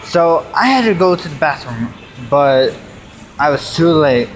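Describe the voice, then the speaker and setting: Slow-talking high-voiced young man. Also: big pitch swings. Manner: rambling, jumps between jokes and put-on voices. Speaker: amateur comedian. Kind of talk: rambling comedy monologue. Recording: faint background noise.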